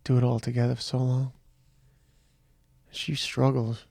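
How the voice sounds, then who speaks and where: Tired man with a gravelly voice. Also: mid-range voice, little pitch movement, a little mellow, no room sound, studio quality. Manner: tired, reflective, halting. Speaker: podcast host. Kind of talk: personal monologue.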